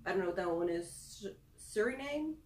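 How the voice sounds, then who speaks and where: A woman's voice: medium pitch, lively intonation, moderate pace, darkish tone, reverberant. A young woman chatting casually through a product review, self-deprecating with giggly asides. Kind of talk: casual screen-recorded review.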